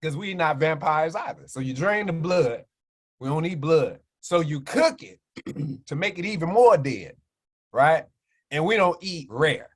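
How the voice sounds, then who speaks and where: An animated, preachy man from Chicago, USA, with a slightly high voice, addresses a live chat during a livestream health talk. A minister and wellness speaker, he keeps asking "right?" to get people to agree.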